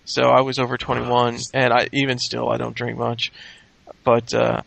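A tired man hosting a casual podcast chat, rambling and halting with restarts. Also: medium pitch, completely flat delivery, gravelly, a bit bright. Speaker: podcast host.

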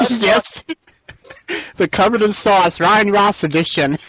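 A man's voice: sits high, takes it slowly, a bit bright, lo-fi sound. A man hosting a casual group chat on a wrestling radio show, laughing easily and steering the talk. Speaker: podcast host.

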